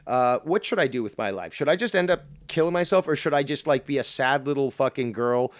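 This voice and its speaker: A man hosting a live call-in show, answering in sarcastic, drawn-out retorts full of ums and uhs. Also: medium pitch, lively intonation. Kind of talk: casual live call-in chat.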